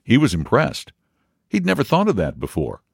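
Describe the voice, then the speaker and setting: A man reading a story aloud as narrator, measured and expressive. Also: mid-range voice, gravelly, husky, no room sound, clean studio sound. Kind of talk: audiobook reading.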